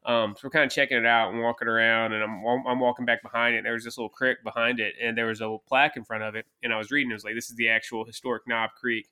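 A man's voice: mid-range voice, little pitch movement, very fast, hardly any pauses, bright, forceful tone, clean tone. A man co-hosting a podcast in casual chat, laid-back and full of "dude" and "like". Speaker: podcast co-host.

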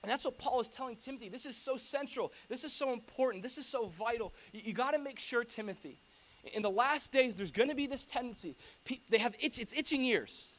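A man preaching a sermon to his church in a conversational, animated way, with humorous asides to the congregation. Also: very high-pitched, brisk. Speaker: pastor.

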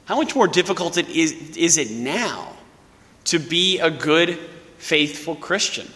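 Young male priest, fairly high voice, casual storytelling homily; echoey church hall. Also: expressive, unhurried, bright, forceful tone. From Louisiana, USA. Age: young adult. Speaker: parish priest. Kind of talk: sermon.

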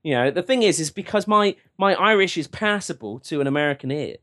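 Wry, fairly high-voiced podcast host. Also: male voice, lively intonation, brisk, fairly bright tone. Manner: wry, joking. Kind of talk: casual chat.

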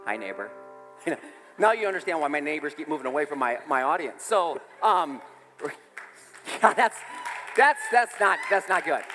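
A man preaching a sermon in a church, animated and storytelling, with laughs and sudden shouts. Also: on the high side, normal speed, big-room sound, faint music behind. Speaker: pastor.

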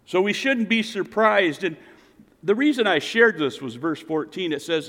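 A pastor preaching to his congregation, swinging between loud emphatic calls and quiet, low asides. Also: lively intonation, moderate pace. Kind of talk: sermon. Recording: reverberant hall.

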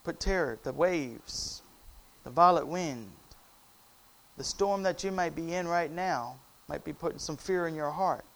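A man preaching a sermon, calling on the congregation and swinging between loud cries and hushed, quiet passages. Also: fairly high pitch, a little slow, vocal fry. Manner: call-and-response preaching, rising to loud cries and dropping to hushed tones.

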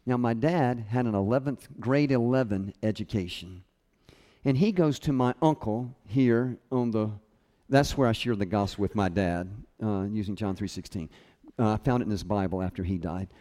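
A man's voice: lowish voice, moderate pace. Man preaching in a reverberant hall. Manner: storytelling with lively quoted voices. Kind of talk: sermon.

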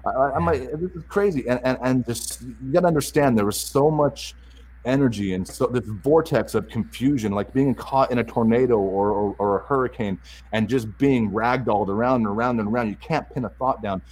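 A man candidly telling a personal story, halting and repeating words as he restarts his sentences. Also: medium pitch, darkish tone, slight background noise, rough recording.

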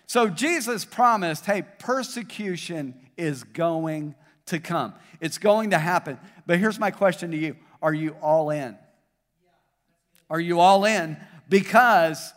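A man's voice: fairly high pitch, fairly bright tone. A man pastor with a Southern US accent, preaching a sermon to his congregation, building up in intensity and then joking with the crowd. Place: church auditorium. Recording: long hall reverb.

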